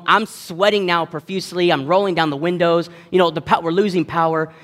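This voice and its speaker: A man in his thirties, a pastor telling a self-deprecating story in a lively sermon. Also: fairly high pitch, brisk, few pauses. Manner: animated, self-deprecating, acts out voices in his stories. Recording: long hall reverb.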